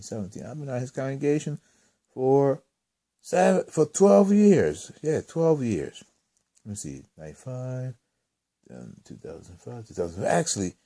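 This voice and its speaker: A man's voice: medium pitch, warm tone. A man telling a story in a casual, rambling monologue, often exasperated and repeating himself. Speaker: vlogger.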